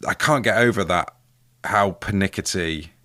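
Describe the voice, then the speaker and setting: A man's voice: deep voice, normal speed, bright, forceful tone, no room sound, studio quality. A man with a Northern English accent co-hosting a comedy podcast, joking playfully and laughing often. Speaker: podcast co-host. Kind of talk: comedic casual chat.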